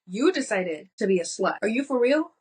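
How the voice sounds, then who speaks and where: A woman's voice: fairly high pitch, very animated, a little fast, slightly rough. A woman in her twenties co-hosting a podcast, ranting in a blunt, profane, exasperated way. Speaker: podcast co-host. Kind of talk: casual rant chat.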